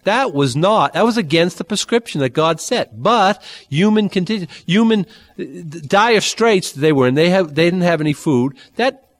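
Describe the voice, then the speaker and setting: A man preaching a Bible-teaching sermon, conversational and animated, with dry humor and sudden jumps in pitch. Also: moderate pace, no room sound. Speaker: pastor.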